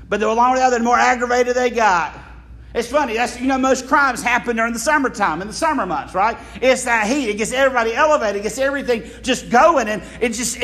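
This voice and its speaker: A man with an unusually high voice preaches a sermon. He talks in a lively way, firing rhetorical questions at the congregation and acting out little quotes as he goes. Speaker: pastor.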